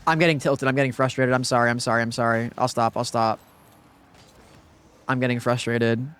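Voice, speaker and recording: Here a young gaming streamer speaks with a clear, resonant, medium-pitched voice at normal speed. Casually talking to his chat and teammate, he mutters calmly and then blows up in frustration.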